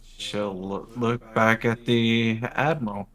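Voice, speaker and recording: Bright-toned male player. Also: fairly low pitch, little pitch movement, unhurried. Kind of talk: narrating a tabletop game.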